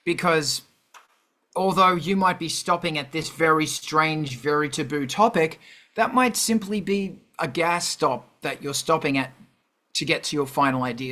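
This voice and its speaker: Bright-voiced man rambling on a livestream. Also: fairly high pitch, unhurried. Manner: rambling, animated, many fillers and restarts. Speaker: host. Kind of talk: casual livestream chat.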